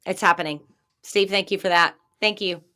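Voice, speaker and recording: A woman from the US South co-hosting a casual podcast, brash and swearing freely in quick banter. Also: on the low side, steady tone, bright, forceful tone. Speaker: podcast co-host. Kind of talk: casual chat.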